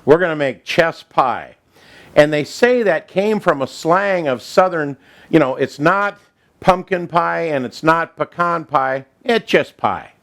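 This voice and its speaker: A man's voice: on the high side, a little slow, a bit bright. A man from Minnesota hosting a home cooking show, chatting in a homespun way while he explains each step in his kitchen. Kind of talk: folksy cooking demonstration.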